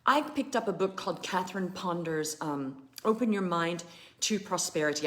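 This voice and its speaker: A woman who works as a business coach speaks to her live stream viewers in a chatty, animated and emphatic way. Her voice is lowish and she talks at normal speed.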